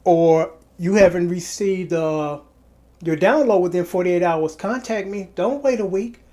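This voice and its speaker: A tired man who hasn't slept much runs his own channel as an online seller, rambling straight to his buyers in a casual vlog, repeating himself and restarting sentences. His voice sits high with a dark tone, and he speaks at a measured pace.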